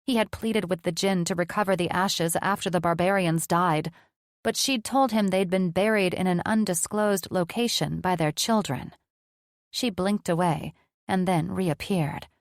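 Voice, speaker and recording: Low-voiced woman narrating a fantasy novel. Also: moderate pace, no echo, studio quality. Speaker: audiobook narrator. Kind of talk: scripted narration.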